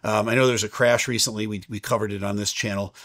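A man in his fifties, an airline captain, answers viewer questions in a relaxed, explanatory chat with frequent fillers. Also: fairly low pitch, fast.

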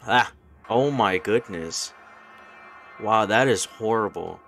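A man's voice: on the low side, slow pace, creaky, a bit bright, a little hiss or hum. A young man giving nervous, swearing commentary while playing a horror game. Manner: jumpy, swearing, nervous chatter. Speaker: gaming YouTuber.

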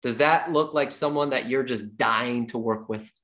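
A man giving an energetic sales training talk, repeating his key points like a coach and acting out little dialogues with clients. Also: medium pitch, moderate pace. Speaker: real estate sales trainer.

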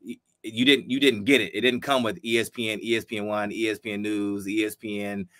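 A man in his fifties from Ohio with a lowish, bright, forceful voice. He tells animated stories in a casual interview and acts out each line of dialogue. The sound is dry and close. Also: a little fast, no room sound. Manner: animated storyteller who acts out quoted dialogue. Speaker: guest, former football player.

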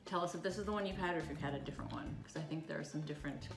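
A woman's voice: low-pitched, rapid-fire, over music. Chatty woman food reviewer, echoey room. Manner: chatty, joking, self-deprecating. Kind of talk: casual food review chat.

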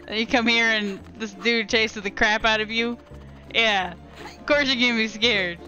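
A young woman streaming a video game at night, chatting casually with viewers, laughing often and reacting with animated excitement. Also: on the high side, unhurried, pauses often, faint music behind. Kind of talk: casual gameplay commentary.

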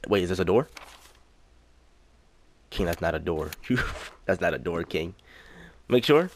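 Low-voiced young man narrating gameplay. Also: lively intonation, measured pace, slight background noise. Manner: talks to himself, repeats lines, rising to panicked yelps. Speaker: gaming YouTuber. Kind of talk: let's play commentary.

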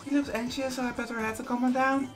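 A woman's voice: high voice, little pitch movement, quick pace, over music. A woman hosting a game playthrough, reading visual novel narration aloud in an earnest, emotional first-person way. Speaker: let's play host.

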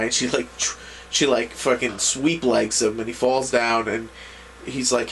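A man's voice: mid-range voice, little pitch movement, measured pace, a bit bright, a little hiss or hum. A man giving a casual, rambling recap of an anime episode, full of restarts and fillers. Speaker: anime reviewer.

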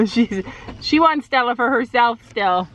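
Chatting to camera in a casual vlog, a middle-aged family vlogger talks animatedly and slowly, frequently turning to address her viewers. Her voice is a little high and fairly bright, with slight background noise.

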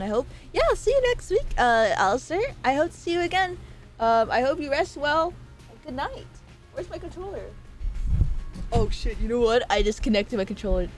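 A woman streamer chatting casually and playfully with her viewers, rambling and giggling between thoughts. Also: a little high. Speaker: game streamer. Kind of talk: casual live-stream chat.

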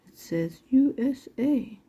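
A woman's voice: high voice, lively intonation, slow pace, dark tone, husky, dull audio. A middle-aged woman selling jewelry online in casual, rambling chat, laughing often and apologizing after she curses. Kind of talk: casual live-sale chat.

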